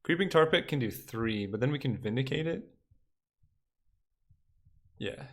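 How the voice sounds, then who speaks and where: A man's voice: mid-range voice, expressive, unhurried. A young man giving casual commentary while playing a digital card game, thinking aloud and counting under his breath.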